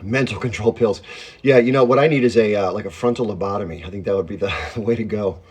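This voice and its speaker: A man with a lowish, slightly husky voice chats loosely into his phone on a home livestream. He rambles from topic to topic and stops to greet viewers by name. He calls himself a hyped-up person, and the talk stays loose and unscripted. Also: fast talker, a little mellow. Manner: chatty, rambling, reads and greets viewer comments; self-described hyped-up talker. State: chewing while talking. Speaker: livestream host. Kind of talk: casual livestream chat.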